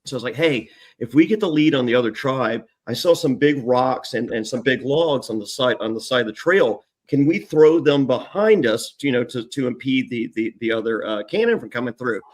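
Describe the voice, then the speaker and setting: A man co-hosting a podcast, swearing freely as he tells animated stories and acts out other people's voices. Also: mid-range voice, normal speed, few pauses. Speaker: podcast co-host, former reality show contestant. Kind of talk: casual storytelling chat.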